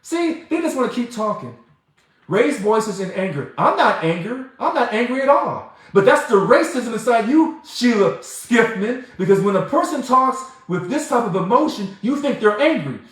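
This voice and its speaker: A man's voice: very high voice, very animated, moderate pace. A man hosting a livestream and answering viewer comments in an emphatic, heated way. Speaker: livestream host. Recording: very echoey room.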